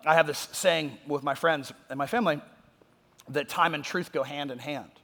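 A man preaching a sermon, talking conversationally and moving between loud emphatic points and quiet asides. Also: fairly high pitch. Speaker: pastor. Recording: long hall reverb.

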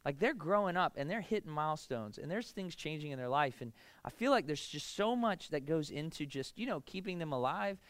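Man, pastor, casual sermon, conversational with filler words, clear smooth voice, forceful tone. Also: on the high side, expressive, a little fast, hardly any pauses, dry recording. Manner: conversational, lots of "like" and "right?", rhetorical questions.

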